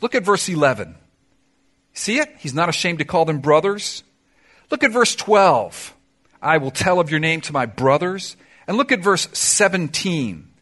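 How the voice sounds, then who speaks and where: A middle-aged man preaching a sermon in a church, emphatic, swinging between loud declarations and soft, confiding asides. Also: on the high side. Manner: sings song lyrics in snatches. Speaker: pastor.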